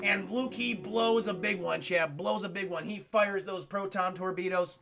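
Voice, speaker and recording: A young man streaming a casual film recap to his chat, excitable and swearing as he acts out scenes. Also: high voice, measured pace, gravelly, hardly any pauses, music in the background.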